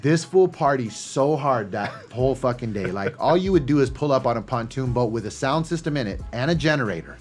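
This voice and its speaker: A middle-aged man, a podcast host, telling animated, profane stories in a casual chat. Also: medium pitch, a little fast, few pauses, faint music behind.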